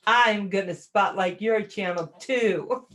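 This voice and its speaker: A woman's voice: medium pitch, slow, a bit bright. A woman hosting a casual livestream, chatting and self-deprecating as she greets viewers by name and laughs often. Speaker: livestream host reading chat.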